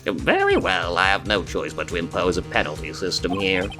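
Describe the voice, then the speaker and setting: A man's voice: deep voice, huge pitch swings, normal speed, music in the background. A man voicing a flustered, absent-minded elderly male judge with a fussy, doddering manner.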